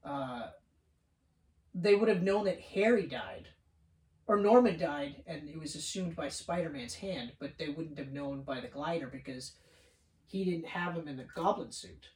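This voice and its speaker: A woman's voice: low-pitched, a little slow. A woman co-hosting a casual movie podcast, swearing often and acting out scenes in quoted voices as she talks. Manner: excitable, profane, acts out scenes in quoted voices. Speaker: podcast co-host. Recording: roomy sound from a distant mic.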